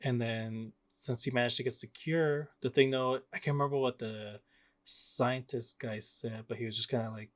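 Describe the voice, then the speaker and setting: A man's voice: mid-range voice, steady tone, moderate pace. Chatty young man, rambling with fillers. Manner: rambling, laughs often, many fillers. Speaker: podcast co-host. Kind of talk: casual game discussion.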